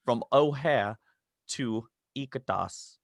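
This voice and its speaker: A man's voice: medium pitch, slow, vocal fry, no room sound, clean studio sound, voice pushed up. A man putting on a cheery globetrotting male travel guide, calling everyone mate. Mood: chummy. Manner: chummy, calls everyone mate.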